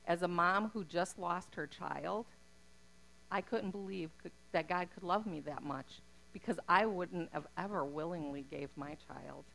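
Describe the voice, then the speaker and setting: A woman's voice: sits low, a bit bright, poor audio. A middle-aged woman telling her personal faith testimony in an earnest, heartfelt way. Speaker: speaker giving a testimony.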